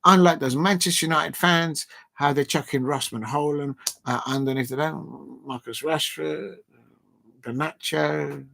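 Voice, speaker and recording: A man's voice: on the high side, steady tone, a little slow, creaky, fairly bright tone. Playful man chatting on a live stream. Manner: playful, repeats catchphrases, chuckles. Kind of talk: casual live stream chat.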